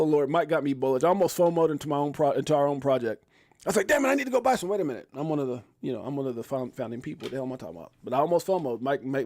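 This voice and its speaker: A man hosting a casual live stream, excitable and joking, often exclaiming as he runs through prices. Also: fairly high pitch. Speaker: crypto live stream host.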